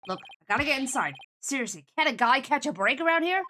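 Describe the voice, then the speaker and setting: A woman's voice: high voice, lively intonation, very slow, sharp tone, heavily acted. A woman reading the lines of a brash, grumbling middle-aged male showbiz producer from a video game. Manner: blustering, complaining.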